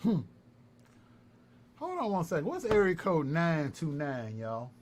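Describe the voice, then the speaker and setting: A man's voice: fairly high pitch, a little slow. A man from North Carolina, taunting and repeating himself in a heated livestream callout. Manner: taunting, repetitive, animated. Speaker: live-stream commentator. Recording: faint background noise.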